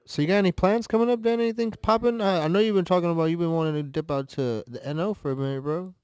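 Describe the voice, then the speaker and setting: Man, slangy, high, casual podcast chat, dry close mic. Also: quick pace, a little mellow, clear, resonant tone, no room sound. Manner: loose, joking, slangy, talks over others. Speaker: podcast co-host.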